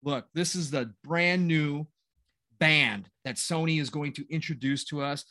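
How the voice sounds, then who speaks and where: A man's voice: fairly high pitch, a little slow, pushed and bright, dry recording. A man in his forties co-hosting a casual gaming chat, rambling with lots of fillers and a sarcastic edge. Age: 40s. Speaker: podcast co-host.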